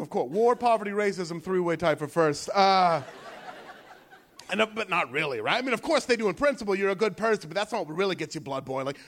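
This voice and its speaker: A man in his thirties doing a stand-up comedy set on stage, talking casually and building up into shouted rants. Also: on the high side, a little hiss or hum. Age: 30s. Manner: conversational, rising into shouted rants. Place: comedy club stage before a laughing audience.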